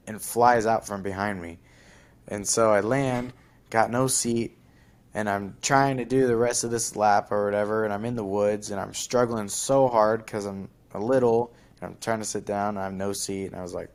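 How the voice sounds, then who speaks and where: A young man hosting a podcast, telling a long story in a rambling casual way full of fillers. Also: on the low side. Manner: rambling, lots of fillers and likes. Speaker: podcast host.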